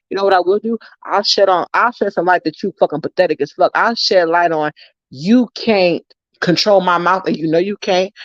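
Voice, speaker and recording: A woman ranting at her livestream viewers, profane and confrontational and hammering every point. The sound is dull and lo-fi, and dry with no room echo. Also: lowish voice. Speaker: YouTuber livestream host.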